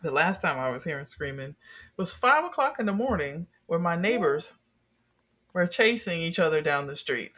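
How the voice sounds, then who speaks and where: A young adult in a casual chat, telling a story with lively energy and plenty of swearing. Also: medium pitch, normal speed. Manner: animated storyteller, swears freely.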